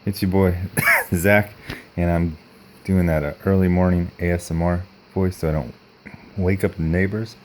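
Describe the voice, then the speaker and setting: A young man reviewing comic books in a hushed early-morning voice, blunt and sarcastic with many fillers, coughing now and then. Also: deep voice, steady tone, moderate pace, a little hiss or hum. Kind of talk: soft early-morning commentary.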